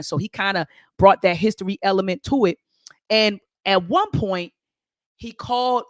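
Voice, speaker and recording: Speaking at a moderate pace in a mid-range, fairly bright voice, an educator offers conversational commentary that drifts, loses its way and doubles back. They address viewers and commenters head-on, and the recording is dry.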